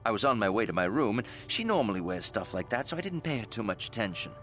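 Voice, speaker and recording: A guarded, wary witness. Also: male voice, on the low side, very animated, fast talker, fairly bright tone. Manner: guarded, reluctant, drawling. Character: wary male witness in a cantina-like hotel, guarded and streetwise. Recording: game audio with faint music.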